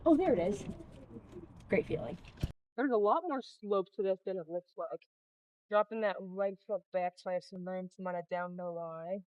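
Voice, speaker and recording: Chatty and self-coaching, a young golf vlogger narrates each shot of her dusk round, out of breath from running between them. Her medium-pitched, darkish voice keeps a moderate pace, and the low-quality recording has a little hiss or hum.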